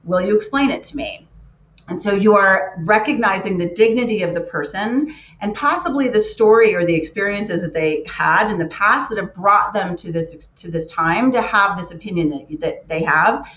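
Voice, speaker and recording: A woman's voice: mid-range voice, expressive, moderate pace, fairly bright tone. A woman giving an earnest keynote talk, stressing her points by repeating words. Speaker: keynote speaker. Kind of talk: motivational talk. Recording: roomy, muffled lo-fi sound.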